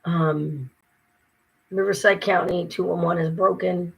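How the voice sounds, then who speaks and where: A woman's voice: on the low side, steady tone, measured pace, creaky, husky, low-quality recording. An exhausted woman talking casually to her viewers, weary and frustrated, venting with mocking asides. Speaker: vlogger. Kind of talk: casual talk to camera.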